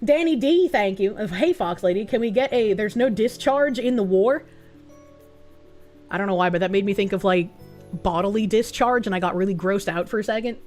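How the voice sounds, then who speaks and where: A woman's voice: medium pitch, fairly quick, a little mellow, faint music behind. A woman with a Boston accent, a streamer reading donation messages in casual chat with sarcastic, laughing asides. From United States.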